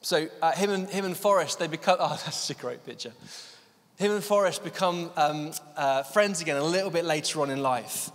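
A man's voice: fairly high pitch, a bit bright. Man preaching in an echoing hall. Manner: storytelling, many fillers, slows down for emphasis. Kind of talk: sermon. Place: church hall.

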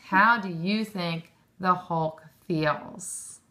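A woman's voice: lowish voice, drawn-out words, pushed and bright. A woman teaching a lesson to young children, encouraging them and praising often, with questions drawn out.

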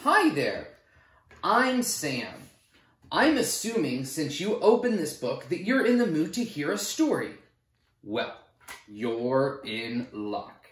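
A man reading a children's picture book aloud in an animated storytelling manner. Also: on the high side. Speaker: storybook reader. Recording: roomy echo.

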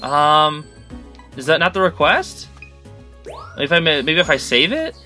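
An excitable gaming channel host gives let's-play commentary, narrating his gameplay and chattering at the creatures on screen. His fairly high, bright-edged voice leaps up and down constantly at a measured pace, over faint game music.

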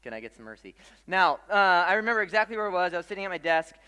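A young man preaching a sermon as pastor, telling stories with jokes and an animated delivery to a congregation. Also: sits high, racing, clean tone. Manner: joking, animated storyteller. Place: large church hall. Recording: long hall reverb.

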